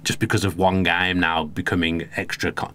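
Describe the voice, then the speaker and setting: A man's voice: low-pitched, little pitch movement, moderate pace, a bit bright. A man co-hosting a casual football podcast, chatty and opinionated. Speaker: podcast co-host.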